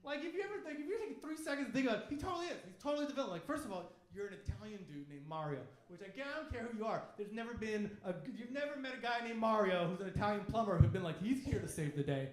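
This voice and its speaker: A man's voice: high voice, very animated, racing, hardly any pauses. A man doing a stand-up comedy set in a club, brash and swearing, acting out the voices he quotes. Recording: echoey club room with audience laughter. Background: audience laughing.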